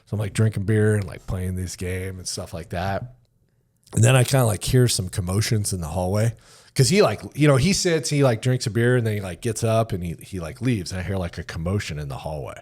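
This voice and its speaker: Brief: middle-aged American ex-soldier, podcast guest, low voice, loose profane storytelling with acted-out quotes. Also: male voice, lively intonation, a little fast, a little mellow. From United States. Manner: profane, rambling, fills speech with "like", acts out quoted lines. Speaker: podcast guest, retired Army sergeant major. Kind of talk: casual storytelling.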